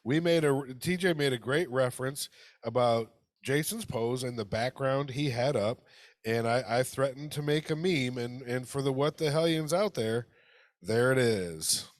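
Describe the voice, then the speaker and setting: A man's voice: mid-range voice, normal speed, no echo, studio quality. A man hosting a casual comedy podcast over a video call, laughing easily and swearing freely. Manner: laughing, loose and profane. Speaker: podcast host.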